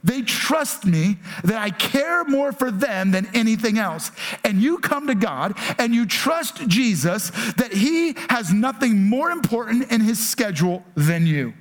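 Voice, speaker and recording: A man's voice: sits high, very animated, a little slow. A man preaching a conversational sermon as pastor, dropping in rhetorical "right?" asides and acting out his children's pleading voices.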